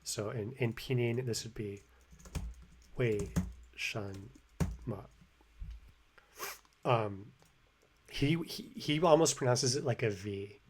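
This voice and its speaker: Dude chatting about learning chinese, native english speaker, lots of um's and restarts, mid-pitched. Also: male voice, moderate pace, few pauses, background noise. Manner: rambling, lots of fillers and restarts. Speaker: language-learning video host. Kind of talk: casual commentary.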